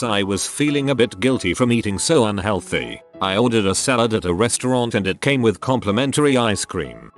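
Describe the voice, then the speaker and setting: A man narrating online stories in a steady, scripted reading style. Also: fairly low pitch. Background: faint background music.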